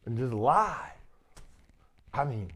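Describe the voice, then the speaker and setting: A man's voice: medium pitch, big pitch swings, slow pace, fairly bright tone, slight background noise. A man, a minister and coach hosting his channel, telling stories in a rambling, filler-heavy way and laughing often. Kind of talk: casual storytelling talk.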